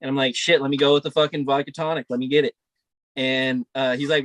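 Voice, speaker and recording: A man's voice: mid-range voice, flat delivery, fast talker, a bit bright, no room sound. Profane, rambling young man telling stories. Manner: profane, rambling, laid-back storytelling. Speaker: podcast co-host. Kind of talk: casual storytelling chat.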